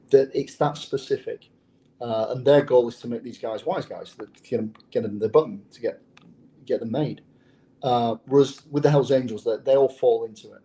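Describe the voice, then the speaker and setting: A man's voice: medium pitch, moderate pace, dark tone, slight background noise. A man who was once an undercover officer, telling his story in an interview in a blunt, profane way and often repeating his words. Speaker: former undercover officer, guest.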